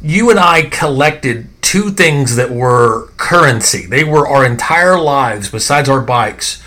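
A middle-aged man hosting a podcast, telling nostalgic stories in a rambling, animated way full of fillers and restarts. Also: mid-range voice, slow. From American South. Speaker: podcast host. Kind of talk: casual nostalgic storytelling.

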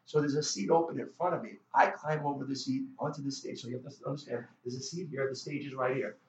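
A middle-aged man, a guest musician, telling a story in a casual interview, animated and full of restarts and stammers. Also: mid-range voice, fast talker, a little hiss or hum. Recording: roomy, dull lo-fi sound.

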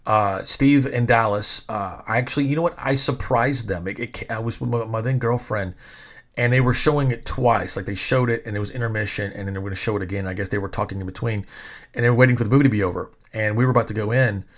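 A middle-aged man with a somewhat low voice tells a long story in a loose, casual way. He rambles and restarts often, swears freely and acts out what other people said. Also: fairly even intonation, fast talker. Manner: rambling, profane, with many restarts and quoted voices. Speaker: storyteller recalling wrestling events.

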